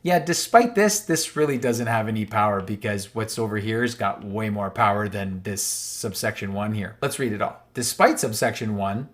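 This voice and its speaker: A man's voice: fairly low pitch, normal speed, hardly any pauses. Emphatic man walking through a legal text. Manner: emphatic and repetitive, stressing key words; reads passages aloud, then restates them plainly. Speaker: online commentator. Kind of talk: explaining a legal document while scrolling on screen.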